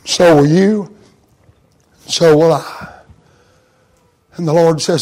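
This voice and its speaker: A man preaching a sermon in a folksy, plain-spoken way, swinging from hushed storytelling to shouted emphasis. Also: fairly high pitch, slow, pauses often.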